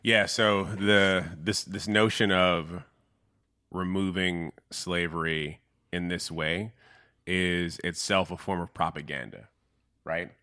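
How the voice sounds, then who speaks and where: A man's voice: low-pitched, steady tone, slow pace, pushed and bright, no echo, studio quality. A man co-hosting a podcast, explaining history in an earnest, casual way. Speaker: podcast co-host. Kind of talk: casual discussion.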